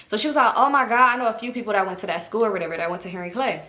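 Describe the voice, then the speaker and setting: A woman's voice: mid-range voice, very fast, sharp tone. A young woman telling a gossipy storytime, acting out quoted dialogue and swearing freely. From Los Angeles area. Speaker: vlogger. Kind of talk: casual storytime.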